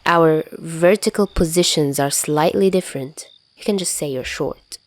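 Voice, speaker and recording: Frau spielt neckenden jungen Mann. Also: female voice, low voice, moderate pace, dry recording, close to an everyday voice. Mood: teasing.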